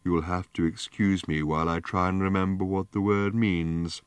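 A man voicing an ancient, rusted, depressed male robot in an audiobook, with a slow, groaning, gloomy drawl. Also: low-pitched, steady tone, smooth, no room sound, natural voice.

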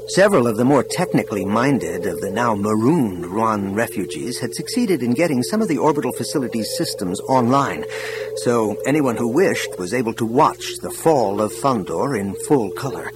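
A man narrating an audiobook in an expressive, scripted reading style. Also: mid-range voice, normal speed, noisy background.

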